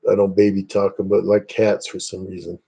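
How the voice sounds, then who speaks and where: A man's voice: low voice, monotone, brisk, creaky, dark tone, husky. A man from Indiana hosting a casual livestream, rambling chattily and greeting viewers by name. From Northeast Indiana, USA. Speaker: livestream host.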